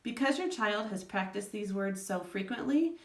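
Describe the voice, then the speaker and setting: A mid-pitched woman speaks patiently to parents, breaking words into syllables as she explains. Her voice carries a roomy echo. She sounds a little way off from the microphone. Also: expressive, moderate pace, distant mic. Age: adult parent of school-age children. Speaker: educator giving parenting advice. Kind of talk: instructional talk to parents.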